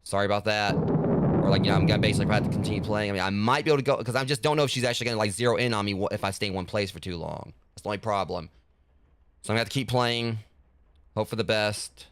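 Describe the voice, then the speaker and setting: Deep voice guy streaming a game, talks quick, rambly with lots of likes and you knows. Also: steady tone, a little hiss or hum. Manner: rambling, heavy with fillers like "like" and "you know". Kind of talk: casual gaming livestream talk.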